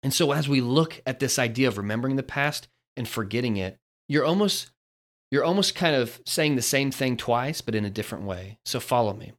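A man's voice: mid-range voice, expressive, fairly quick, a bit bright. A man hosting a devotional podcast, talking in an earnest, storytelling way. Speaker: podcast host.

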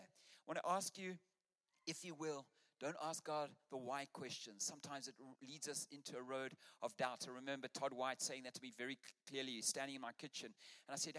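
Rousing Australian preacher in a reverberant church. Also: male voice, mid-range voice, fairly even intonation, fairly quick, a bit bright. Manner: rousing, urges the congregation on. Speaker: pastor. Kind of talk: sermon.

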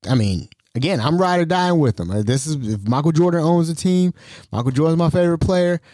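Male podcast host, lively pitch, mellow tone, loose self-mocking chat with frequent laughs. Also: fairly quick, no room sound, clean studio sound. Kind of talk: casual solo podcast talk.

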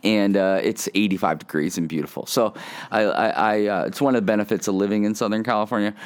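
A man with a fairly low voice hosts a casual devotional podcast. He sounds earnest and reflective, talking to listeners in a loose, conversational way from his front porch. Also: steady tone, fast talker, smooth. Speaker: podcast host.

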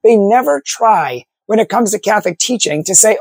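A man's voice: high-pitched, expressive, moderate pace, vocal fry, hardly any pauses, no room sound. A man, a Catholic apologist, delivering an argumentative monologue full of rhetorical questions. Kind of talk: opinion monologue to camera.

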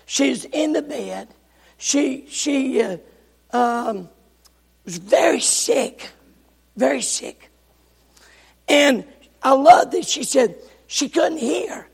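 A male pastor preaching a sermon, telling folksy stories with bursts of shouting, recorded in a church sanctuary. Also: very high voice, lively intonation, extremely slow, creaky, long pauses, husky. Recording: echoey church hall.

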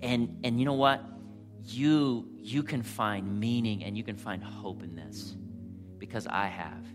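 A pastor preaching a sermon with passion, rising to loud emphasis and then dropping to a quiet, intimate tone. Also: male voice, on the low side, unhurried, over music.

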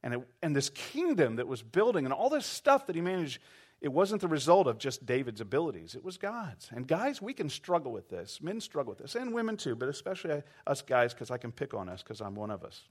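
A man's voice: mid-range voice, very animated, brisk, husky. A man preaching a sermon, acting out quoted voices and asking the congregation to respond. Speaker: pastor.

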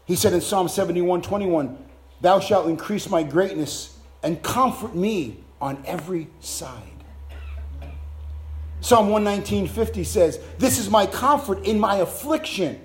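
A man delivering a sermon in a high voice. He drops to a hush for tender passages, then climbs and shouts at the peaks. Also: lively intonation, measured pace. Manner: swings from soft hushed lines to loud shouted climaxes. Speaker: preacher.

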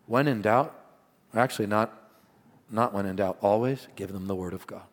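A man's voice: on the low side, moderate pace. Earnest male pastor in a reverberant hall. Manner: earnest, animated preaching with asides and laughter. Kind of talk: sermon.

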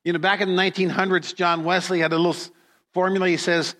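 A middle-aged male pastor delivering a sermon in a fairly high, bright voice. He preaches slowly and deliberately and tells his stories dramatically. A long hall reverb trails each phrase. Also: flat delivery.

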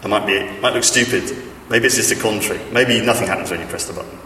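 Male preacher, low-ish voice, rambling storyteller; recorded off-mic in a reverberant hall. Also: fast, pushed and bright, far from the mic, a little hiss or hum. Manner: chatty, self-deprecating, many fillers and restarts. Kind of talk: sermon with stories. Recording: echoey hall, speaker off-mic.

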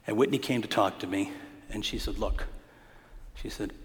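A male pastor with a lowish voice preaches a storytelling sermon in a church at a brisk pace. He mixes humor with a conversational tone and punchy emphasis, and the recording carries hall reverb.

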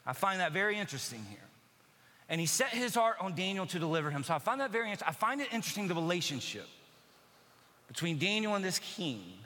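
A man preaching a sermon in a lively, conversational way, acting out quotes and shifting between loud asides and quiet, low emphasis. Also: quick pace, long reverb tail. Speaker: pastor. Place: church sanctuary.

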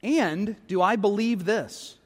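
A middle-aged male pastor preaches with a notably high voice, his words trailing off into the long reverb of the sanctuary. He talks in a conversational, self-deprecating way, often tagging his points with quick questions to the congregation. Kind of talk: sermon. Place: church sanctuary.

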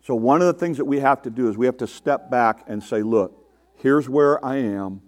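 Speaking at a normal speed in a medium pitch, this pastor delivers a conversational sermon to his congregation. He poses rhetorical questions and mimics those he quotes.

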